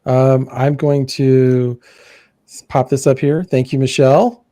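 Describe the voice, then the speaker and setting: A man's voice: medium pitch, little pitch movement, a little slow, dark tone, no echo. An American man hosting a live online chat, talking casually and rambling as he corrects himself. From United States. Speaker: livestream host.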